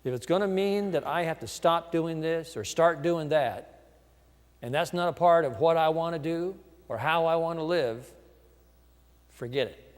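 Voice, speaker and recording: A male pastor preaching a sermon, telling the story lively and acting out the people in it. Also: on the high side, a little slow, long reverb tail. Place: church.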